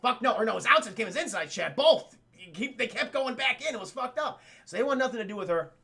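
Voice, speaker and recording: A man's voice: very high-pitched, expressive, fast, vocal fry, bright, forceful tone. A man streaming live, casually recapping a film scene by scene, swearing freely and rambling to his chat. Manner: profane, rambling, talks to chat.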